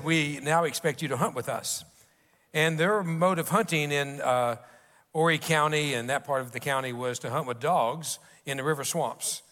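A man's voice: on the high side, fairly bright tone. A man pastor preaching a sermon, telling stories in a folksy, conversational way with restarts. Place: church sanctuary. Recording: long reverb of a church hall.

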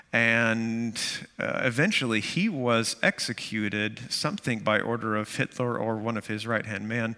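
A man's voice: medium pitch, bright, forceful tone, in a large hall. A man preaching a sermon to his church in a conversational way, with self-deprecating jokes and many fillers. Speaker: pastor.

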